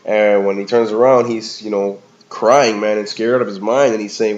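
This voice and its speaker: A man's voice: fairly low pitch, fairly even intonation, moderate pace. A man giving a casual, rambling movie review in slangy talk, often calling the listener "man" or "bro". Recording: slightly dull lo-fi recording.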